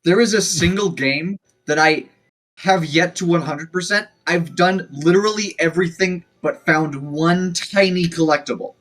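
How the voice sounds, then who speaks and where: A man's voice: a little high, moderate pace, fairly bright tone, low-quality recording. A young man co-hosting a podcast, blunt and sarcastic, swearing casually in chat. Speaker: podcast co-host.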